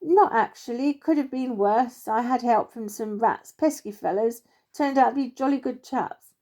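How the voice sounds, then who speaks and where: A stiff, upright bird major with a clipped, formal way of speaking, as a woman puts him on. His voice sits a touch above a plain speaking voice. The tone is mellow and soft-edged, like a storybook told at bedtime. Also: on the high side, normal speed, pitched above the performer's own voice. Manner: clipped, formal, stiff-upper-lip phrasing. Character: old-fashioned male bird, proper major.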